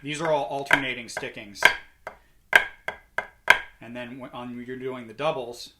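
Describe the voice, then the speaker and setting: Guy teaching drum rudiments, counting out loud, drums banging loud behind him. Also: mid-range voice, steady tone, unhurried, long pauses, very noisy. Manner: calls out counts and rudiment names loudly over drumming. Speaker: drum instructor. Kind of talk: instructional lesson, counting along while playing.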